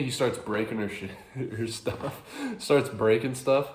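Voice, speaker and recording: A man's voice: fairly low pitch, unhurried, roomy sound, a little hiss or hum. A man casually explaining a classic play in a rambling, chuckling way, often correcting himself. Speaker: video host explaining a play.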